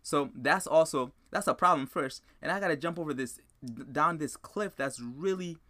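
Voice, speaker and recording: Man, podcast host, animated storytelling, bright forceful voice, talks to listeners directly. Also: on the high side, moderate pace. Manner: animated, excitable, repeats himself, addresses listeners as guys. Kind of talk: motivational storytelling monologue.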